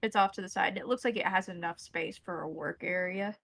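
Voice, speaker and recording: A woman narrating a tabletop role-playing game as game master, describing scenes in a relaxed, descriptive way. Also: on the low side, a little fast, gravelly, dry recording, poor audio.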